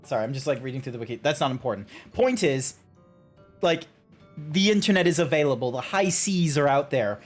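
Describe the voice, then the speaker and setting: A man's voice: mid-range voice, animated, fairly quick, soft background music. A man streaming a game, chatting casually and rambling through a story with lots of ums and restarts. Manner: rambling storytelling with many fillers and restarts, laughing at his own retellings. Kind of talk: casual chat while gaming.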